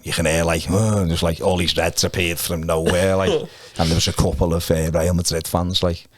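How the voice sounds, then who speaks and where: Deep-voiced man telling chatty stories. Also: little pitch movement, a little fast, dry recording. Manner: chatty storyteller, chuckles often. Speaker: podcast guest, fan channel presenter. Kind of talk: casual chat and anecdotes.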